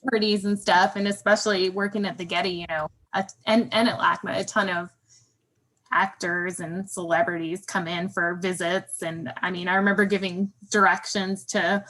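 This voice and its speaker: A woman's voice: fairly low pitch, level tone, moderate pace. Easygoing woman guest sharing anecdotes. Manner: easygoing anecdotes with fillers, soft laughs. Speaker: guest, museum worker. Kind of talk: casual chat.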